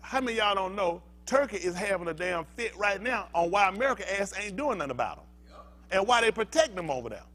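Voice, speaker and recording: Older male preacher with a slightly high, animated voice, heated and emphatic, pushes the congregation with questions. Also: fast talker. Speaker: pastor. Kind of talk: fiery preaching sermon.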